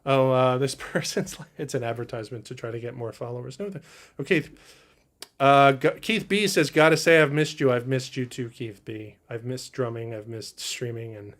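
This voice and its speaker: A man hosting a drum livestream from his drum room, chatting casually and reading viewer comments, with a rambling, halting delivery through studio mics. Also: mid-range voice. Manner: rambling, halting, many fillers and restarts. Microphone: studio mics through a preamp.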